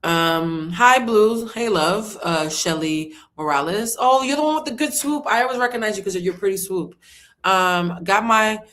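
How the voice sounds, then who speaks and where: A loud, animated woman hosts a casual livestream tarot reading. She swears freely and keeps breaking into bits of song as she reads the cards. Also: medium pitch, moderate pace. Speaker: tarot reader.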